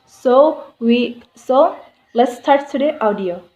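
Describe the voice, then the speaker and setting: A woman's voice: high voice, animated, takes it slowly, a little mellow. A woman student presenting a listening exercise, speaking in a plain, instructive way with some slips. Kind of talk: classroom presentation. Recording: echoey room.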